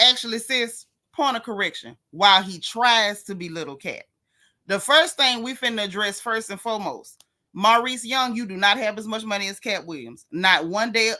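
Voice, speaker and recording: A woman's voice: medium pitch, bright, forceful tone. A woman hosting a casual gossip livestream, talking in a sassy drawl and greeting her viewers.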